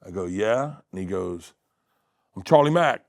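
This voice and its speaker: A man's voice: low voice, expressive, measured pace, creaky, no echo. Middle-aged guy telling a wild story on a talk show, does all the voices, dry close mic. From Florida. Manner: acts out quoted voices, loud bursts of laughter. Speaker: comedian guest.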